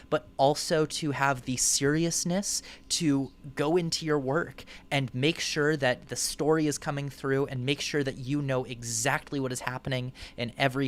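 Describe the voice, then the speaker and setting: A man co-hosting a casual film podcast who gushes with praise. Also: medium pitch. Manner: effusive, gushing praise. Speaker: podcast co-host.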